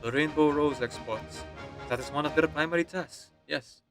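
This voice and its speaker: A man voicing a calm, dryly patient older male official with a put-on French accent, reading game dialogue aloud. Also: a little high, moderate pace, music in the background, close to an everyday voice. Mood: measured.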